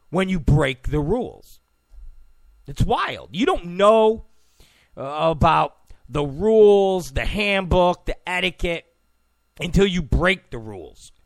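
Young male host, loose sarcastic monologue, animated swings in pitch, dry close sound. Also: dry recording. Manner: loose, rambling, sarcastic, with many fillers. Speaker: show host. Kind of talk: casual political talk show monologue.

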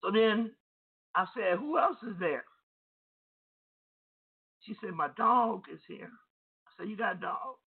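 Pastor guy telling a story in back-and-forth quotes, high voice, sounds like a phone line. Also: animated, unhurried, gravelly, pauses often, slightly rough. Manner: retells a phone call in quoted dialogue, repeats words. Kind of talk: storytelling sermon.

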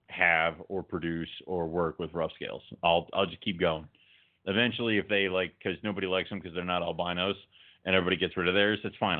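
A man chatting casually as a podcast co-host, telling stories with laughs and animated rants. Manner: animated, laughing storyteller who gets louder and higher when ranting. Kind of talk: casual chat. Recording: phone-like narrow audio.

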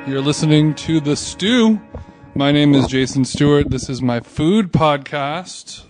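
A man's voice: on the high side, a little slow, music in the background. Laughing man hosting a food podcast. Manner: rambling, laughs often, trails into restarts. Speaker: podcast host. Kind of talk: casual chat.

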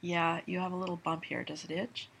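A woman's voice: fairly low pitch, little pitch movement, a little fast, vocal fry, a bit bright, a little hiss or hum, low-quality recording. A woman voicing a young grown daughter in a read-aloud novel, mild and subdued. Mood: wary.

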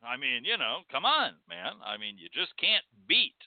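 Cursing guy on a rant, pitch all over the place, sounds like a phone line. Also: huge pitch swings, normal speed, no echo. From Texas. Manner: blunt, profane, ranting. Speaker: podcast host. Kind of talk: impassioned monologue. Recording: dry, tinny phone-like sound.

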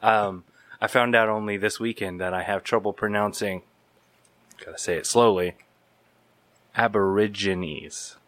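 A man's voice: lowish voice, fairly even intonation, moderate pace, fairly bright tone, no room sound. A man co-hosting a casual podcast chat, teasing his friend dryly and talking eagerly about video games.

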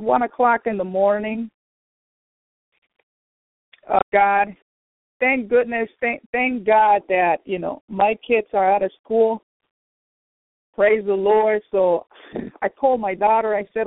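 A woman's voice: mid-range voice, fairly even intonation, slow pace, long pauses, no room sound. A woman giving an earnest personal faith testimony on a radio program, repeating herself and calling out to her brothers and sisters. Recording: tinny phone line, dry.

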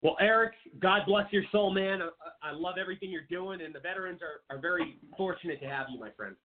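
Brisk, high-voiced male host, blunt and indignant, lo-fi line. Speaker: talk show host. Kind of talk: political talk show. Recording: tinny phone line.

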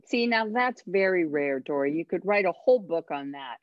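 A woman parenting coach and author, a radio interview guest, speaking emphatically and giving tips with dramatic pauses. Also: fairly low pitch, expressive, no echo, muffled recording.

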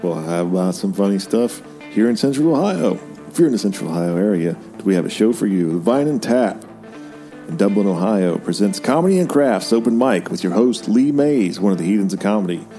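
A man's voice: lowish voice, expressive, fairly quick, dark tone, faint music behind. A man co-hosting a comedy podcast, bantering playfully and slipping into mock-announcer patter. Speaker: podcast co-host.

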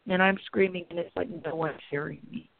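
A woman pastor tells a story with earnest intensity, acting out her own thoughts along the way. Her voice has a gravelly edge. It comes through a thin, tinny phone line with no room sound. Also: on the low side, fairly even intonation, fairly quick, no room sound. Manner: earnest, dramatic retelling with quoted inner thoughts. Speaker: pastor and author guest. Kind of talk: emotional personal storytelling turning into preaching.

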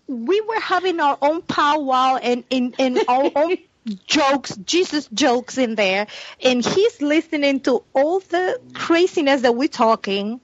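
A woman with a high voice tells an animated story in casual podcast chat, laughing often as she talks. The sound is dry and close, with a dull, lo-fi tone. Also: unhurried, no room sound. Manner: animated, laughs often while telling stories. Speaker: podcast co-host.

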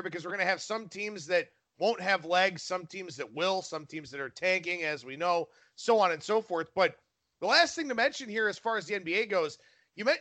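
A man hosting a sports betting radio podcast, talking casually and briskly with his guest. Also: high-pitched, bright, forceful tone.

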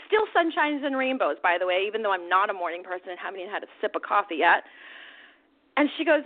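A woman co-hosting a talk podcast, telling stories in a lively, animated way. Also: medium pitch, fast talker. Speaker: podcast co-host. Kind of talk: casual chat, storytelling. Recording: tinny phone-like sound.

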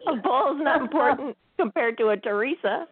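A woman's voice: high voice, expressive, normal speed, dry recording. A woman hosting a spiritual talk show, telling a story in a casual way and laughing often as she talks. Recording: tinny phone-line sound.

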